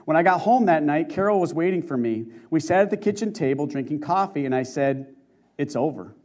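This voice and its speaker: A man preaching a sermon, reading a testimony aloud in an earnest, emotive way with slow dramatic stresses. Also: a little high, lively intonation, a little mellow. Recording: muffled lo-fi recording.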